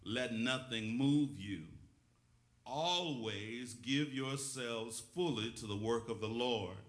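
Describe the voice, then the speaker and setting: A man's voice: medium pitch, takes it slowly, echoey room. A male pastor preaching a call-and-response sermon, rhythmic and calling on the congregation for witnesses. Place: church sanctuary.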